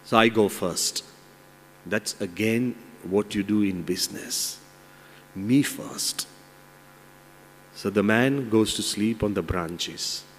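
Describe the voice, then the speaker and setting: A monk giving an inspirational moral talk, animated as he tells a fable. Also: on the low side, takes it slowly, pauses often, a little hiss or hum. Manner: animated storyteller. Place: large seminar hall. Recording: long reverb in large hall.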